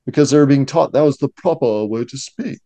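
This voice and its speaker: Guy explaining stuff calmly, kinda mellow voice, dry close recording. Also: medium pitch, a little fast, dry recording. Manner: knowledgeable, explanatory, steady. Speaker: museum curator, guest. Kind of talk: casual discussion.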